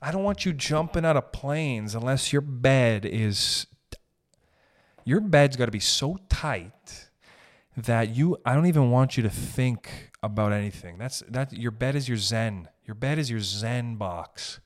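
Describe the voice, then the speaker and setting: A man's voice: medium pitch, lively intonation, unhurried. A young man hosting a podcast, ranting casually with profanity and jokey asides. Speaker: podcast host. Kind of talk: casual comedic podcast rant.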